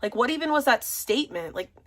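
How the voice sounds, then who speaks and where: A woman's voice: a little high, expressive, quick pace, a bit bright. Sassy mocking woman streamer. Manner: mocking, laughing, sassy slang. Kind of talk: casual livestream commentary.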